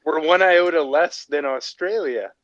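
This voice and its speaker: A man from Edmonton, Canada, co-hosting a casual online group chat, excitable, interrupting and laughing often. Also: a little high, a little slow, no echo. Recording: muffled online audio.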